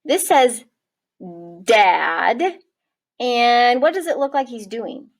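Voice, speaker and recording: A woman teaching a kindergarten writing lesson, encouraging and spelling words out slowly for young children. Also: fairly high pitch. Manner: warm, encouraging, slow-spelling teacher talk. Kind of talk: early-years writing lesson.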